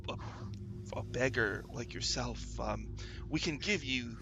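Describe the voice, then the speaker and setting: A man's voice: medium pitch, unhurried, bright, forceful tone, faint music behind. A man voicing chatty, polite male elf guards at a dungeon gate, hesitating as they talk.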